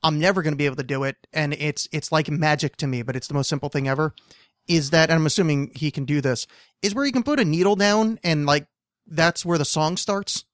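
A man in his thirties hosting a casual podcast chat, rambling and animated, trailing off mid-sentence and swearing now and then. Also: on the high side, brisk, no room sound, clean studio sound. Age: 30s. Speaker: podcast host.

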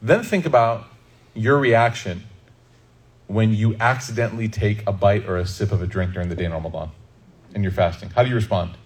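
Man, husky voice, casual religious talk, humorous, addresses audience directly. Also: fairly low pitch, brisk. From Chicago, USA. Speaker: Islamic speaker.

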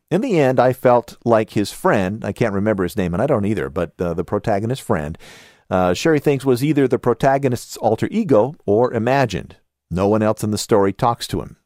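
A man's voice: medium pitch, sing-song, fairly quick, darkish tone, dry recording, clean studio sound. A man with a Southern California accent hosting a podcast, reviewing a book casually and reading listener comments aloud with his own asides. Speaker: podcast host.

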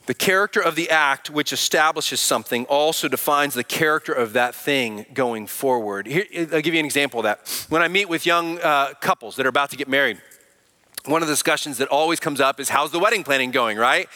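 A man with a bright, fairly high voice preaches to his congregation, earnest and conversational, often stopping to ask them questions. He admits he can sound angry though he isn't. The sound carries a long hall reverb, as in a large sanctuary. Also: fairly quick. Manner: says he sounds angry but is not. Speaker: pastor. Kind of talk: sermon.

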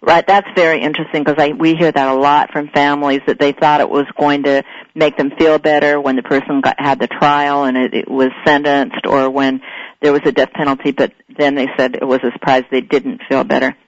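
A woman's voice: deep voice, little pitch movement, fairly quick, no room sound. A woman co-hosting a radio interview, speaking in an encouraging, supportive way. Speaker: co-host. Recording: dry, slightly muffled radio audio.

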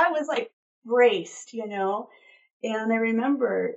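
A woman guest on an interview show, telling personal stories in an animated way and laughing often. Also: fairly high pitch, takes it slowly, vocal fry, highs cut off. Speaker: guest author. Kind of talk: casual interview chat.

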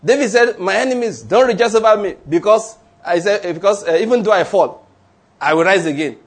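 A man preaches in a husky, rather high voice. He delivers his sermon in an animated way, joking and acting out scenes as he goes. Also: a little fast. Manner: animated preaching with humor and acted-out anecdotes. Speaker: pastor.

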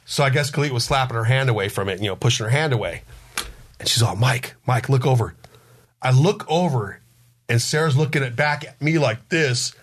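A man's voice: mid-range voice, a bit bright, slight background noise. Rambling middle-aged man telling family stories. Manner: rambling, halting storyteller who restarts sentences; acts out family members' lines in the stories. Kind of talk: casual storytelling chat.

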